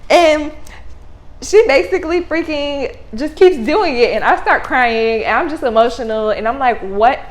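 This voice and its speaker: Blunt, animated young woman vlogger. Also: sits high, normal speed, rough recording. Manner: animated, blunt, slangy with swearing. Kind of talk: casual storytime.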